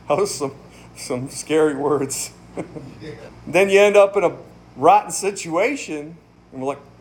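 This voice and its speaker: Casting: pastor with a high male voice, relaxed and folksy, emphatic, breaks into laughs. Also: normal speed, a little hiss or hum. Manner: emphatic, conversational, laughs often. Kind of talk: casual sermon, Bible study.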